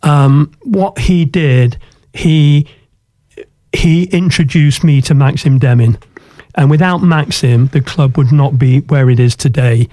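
An older Englishman tells his story earnestly, pausing on ums and restarting his sentences. His voice is dark and mellow. It is recorded dry and close. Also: on the high side, dry recording. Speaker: guest, former football club chairman. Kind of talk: radio interview storytelling.

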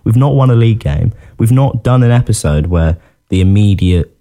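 A man's voice: fairly low pitch, lively intonation, normal speed, mellow. A man co-hosting a casual football podcast, chatty and self-deprecating, often laughing. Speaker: podcast co-host.

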